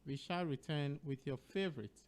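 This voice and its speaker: A man with a Ghanaian English accent hosting an educational radio show, speaking slowly and deliberately and spelling words out letter by letter. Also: a little high.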